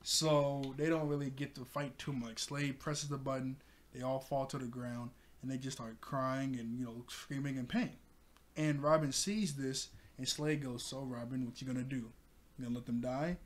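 A man casually recapping a cartoon episode for his channel, excitable, laughing often and breaking into loud exclamations. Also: mid-range voice, moderate pace.

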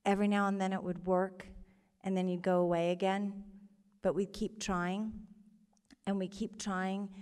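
A woman telling her own story live on stage before an audience, earnest and halting, with emotion in her voice. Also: mid-range voice, level tone, a little mellow, clean tone, big-room sound.

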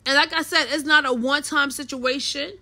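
Middle-aged woman co-host, high bright voice, emphatic and preachy in casual faith talk. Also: steady tone, a little fast, rough recording. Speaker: podcast co-host.

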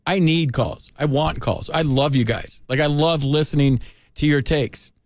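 A man's voice: a little high, no echo. Chatty male radio sports host. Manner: loose, chatty, quick restarts. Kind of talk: casual radio chat. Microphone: studio microphone. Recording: studio radio broadcast.

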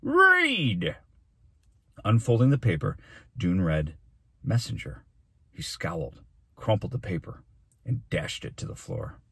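A male teacher reading a chapter of a children's novel aloud in an even, steady storytelling manner. His voice is very low and husky, recorded dry and close. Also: normal speed, no echo.

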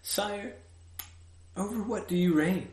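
A man's voice: high-pitched, takes it slowly, a little mellow, reverberant, voice pushed up. A man voicing a timid little boy prince. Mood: timid, curious. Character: small curious boy prince, timid and earnest.

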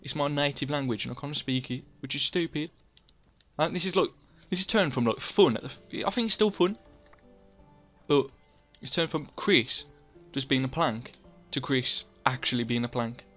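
A man's voice: mid-range voice, animated, normal speed, a bit bright, soft background music. A young man, chatting casually over his gameplay, rambling and mocking himself as he scolds himself in the third person. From England. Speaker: gaming channel host.

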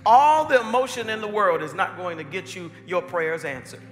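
A middle-aged man preaching a sermon as pastor, repeating phrases and swinging between hushed and loud delivery. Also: high-pitched, normal speed, in a large hall, soft background music, a faint crowd.

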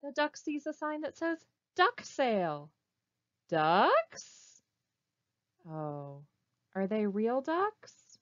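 Lively woman reading a storybook to kids. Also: sits high, measured pace, hardly any pauses, dry recording. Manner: animated, asks children questions. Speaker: children's librarian. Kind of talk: reading a picture book aloud. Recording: dull, slightly muffled recording.

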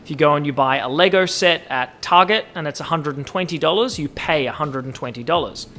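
A young Australian man hosting a casual solo podcast, talking in an animated, joking way and drawing out words when he lists things. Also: on the high side, a little fast, slight background noise. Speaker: podcast host.

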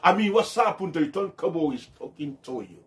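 A young man rants straight at his listeners. His voice sits a little high and leaps all over the place. He jumps from loud exclamations down to near-whispered asides. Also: animated, fairly quick. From Gambia. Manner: swings from shouting to hushed muttering, switches languages. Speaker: online commentator. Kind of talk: ranting monologue.

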